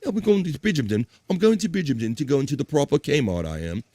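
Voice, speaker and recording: A man's voice: on the high side, very animated, fast, warm tone, no room sound. A man voicing a snooty, posh male shopper with a prim, haughty delivery.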